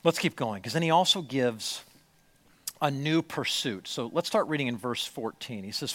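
A man preaching a sermon to a congregation, swinging from hushed storytelling to loud, emphatic lines. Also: mid-range voice, lively intonation, normal speed. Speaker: pastor. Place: church, before a congregation.

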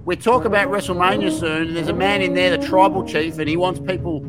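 Excitable man hyping up a podcast. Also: high voice, brisk. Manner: excitable, hype-building, swears freely. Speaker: podcast co-host. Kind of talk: casual chat.

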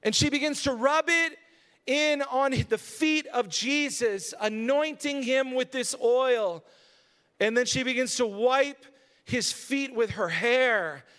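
A man's voice: extremely high pitch, slow, a bit bright, clean tone. A male pastor giving a conversational sermon that builds to emphatic moments, recorded in a church sanctuary. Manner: conversational preaching, rising to emphatic. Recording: long hall reverb.

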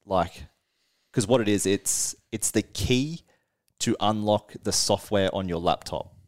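A man, a touring musician and podcast co-host, tells a tour story in casual chat. He is animated, laughs often mid-sentence and swears freely. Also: on the low side, unhurried.

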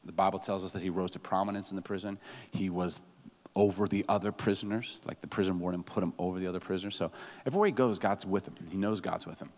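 A man preaching a sermon as a pastor, animated and humorous, laughing often as he talks. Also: low voice, quick pace, in a large hall.

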